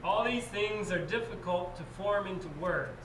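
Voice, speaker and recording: A man reading a quote aloud in a slow, careful way. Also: high voice, a crowd in the background. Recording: distant, echoey, noisy room.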